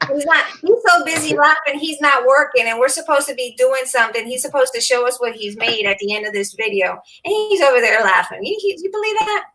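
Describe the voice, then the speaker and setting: Bright chatty woman in her fifties. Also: high-pitched, moderate pace, poor audio. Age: 50s. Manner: chatty, laughs often, greets viewers by name. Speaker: craft livestream host. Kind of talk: casual livestream chat.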